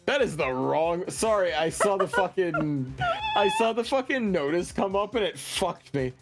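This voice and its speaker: Male streamer, casual and profane, animated pitch, faint music under. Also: moderate pace. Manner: profane, joking, explanatory. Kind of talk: casual livestream chat.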